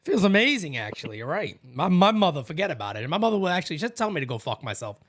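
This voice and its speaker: A man hosting a casual baseball watch party, telling animated family stories with loud imitations and plenty of swearing. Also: fairly high pitch, rapid-fire, no room sound, studio quality.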